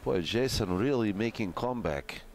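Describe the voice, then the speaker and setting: A man's voice: lowish voice, animated, moderate pace, darkish tone, slight background noise. A man voicing a joking mock-Russian pool commentator in broken, clipped English with a Russian accent. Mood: mock serious. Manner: playful, hamming it up.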